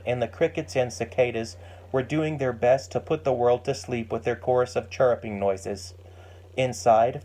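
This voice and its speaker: A man reading a family story aloud as a steady, gentle narrator. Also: medium pitch. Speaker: audiobook narrator.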